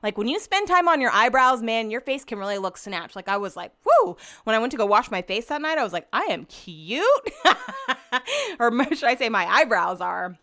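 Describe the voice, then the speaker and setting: A woman's voice: a little high, lively intonation, a little fast, few pauses, sharp tone. A young woman hosting a podcast, chatting casually and gushing with lots of "like" and "um". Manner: bubbly, gushing, uses lots of "like" and "um". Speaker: podcast host. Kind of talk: casual solo chat.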